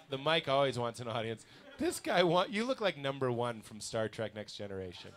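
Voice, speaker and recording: A man's voice: mid-range voice, sing-song, moderate pace, bright, forceful tone. A man hosting a live comedy podcast in a restaurant basement, playful and laughing often as he talks. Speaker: podcast host.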